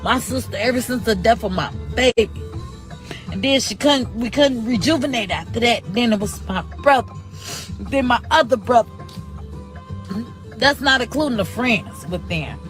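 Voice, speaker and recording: A woman's voice: on the high side, animated, normal speed, soft background music. A woman speaking through grief in a pleading, preaching way, urging listeners to show mercy and citing scripture. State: grieving. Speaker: grieving sister in a live video. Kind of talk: emotional testimony.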